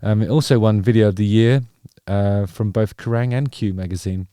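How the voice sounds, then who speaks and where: A man's voice: on the low side, normal speed, mellow, smooth, no echo. A middle-aged man hosting a casual music video reaction, rambling and wry with playful digressions.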